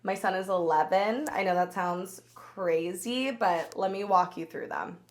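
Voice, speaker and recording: A woman in her thirties hosting a podcast, telling personal stories in an animated, chatty way and laughing as she goes. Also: medium pitch, measured pace. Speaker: podcast host. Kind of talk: solo storytelling podcast.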